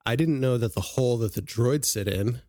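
A man's voice: mid-range voice, brisk, mellow, no echo, studio quality. A man co-hosting a casual podcast, sharing trivia and laughing often. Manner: chatty, shares trivia with frequent laughs. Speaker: podcast co-host. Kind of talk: casual chat.

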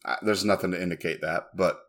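A man's voice: deep voice, quick pace. A man co-hosting a podcast, chatting casually and telling jokey stories. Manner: jokey, animated storyteller. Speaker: podcast co-host. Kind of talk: casual chat.

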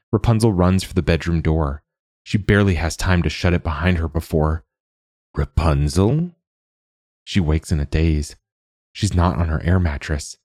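Male audiobook narrator, very deep voice, dry close recording, measured delivery. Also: a little mellow, dry recording.

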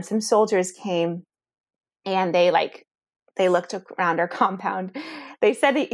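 A woman guest recounts a story in an animated way, stumbling over restarts and tossing in "like" as she goes. Her voice sits in an ordinary middle register. The sound is close and dry, with no room around it. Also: medium pitch, dry recording. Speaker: interview guest. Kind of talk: conversational storytelling.

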